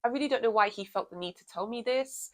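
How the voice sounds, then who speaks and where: A woman vlogger telling a storytime tale in an animated, sassy way. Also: on the high side, fast. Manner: animated, sassy, laughs often. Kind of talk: storytime vlog.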